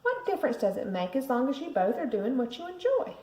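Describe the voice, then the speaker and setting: A woman's voice: high voice, huge pitch swings, fairly quick, darkish tone, pitched above the performer's own voice. A woman voicing a mother who firmly scolds her two children. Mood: scolding. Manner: firm scolding. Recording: roomy echo.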